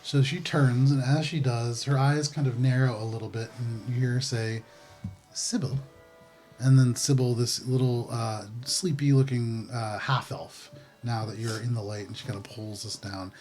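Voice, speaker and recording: Man, game master, tabletop narration, relaxed, descriptive, mid-range voice. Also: medium pitch, normal speed, soft background music. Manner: relaxed, descriptive, with frequent fillers.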